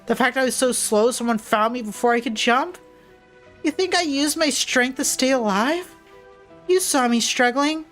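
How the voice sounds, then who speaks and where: A woman's voice: sits high, animated, normal speed, fairly bright tone, faint music behind, pitched above the performer's own voice. A woman voicing a despairing, bitter teen girl. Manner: raw, pleading, breaking into anger.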